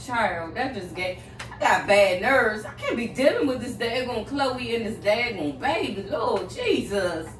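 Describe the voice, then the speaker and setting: A woman's voice: on the high side, expressive, a little slow, recorded from a distance, a little hiss or hum. Rambling tarot-reading woman, roomy and off-mic. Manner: dramatic, rambling asides, exclamations. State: shaken, catching her breath. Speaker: tarot reader. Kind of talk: casual spoken tarot reading. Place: home room. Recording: roomy, off-mic with faint music.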